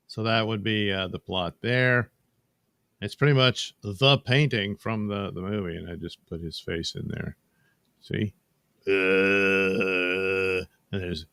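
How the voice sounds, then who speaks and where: Slow, low-voiced wry cartoonist. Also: male voice, fairly even intonation, sharp tone, smooth, dry recording, clean studio sound. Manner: rambling, wry and sardonic asides. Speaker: cartoonist and channel host. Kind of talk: casual narration over a drawing screencast.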